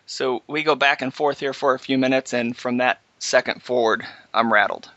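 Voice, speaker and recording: A man hosting a casual chat, telling a halting, animated story about flying. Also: medium pitch, dry recording. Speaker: podcast host, pilot. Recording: slightly dull, dry audio.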